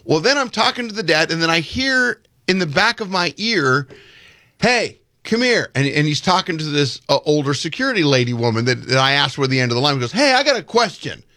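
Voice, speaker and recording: Talking fast with hardly any pauses, a fairly high-voiced man co-hosts a relaxed chat in studio-quality sound without room noise. His long story is animated, and he acts out the dialogue he quotes.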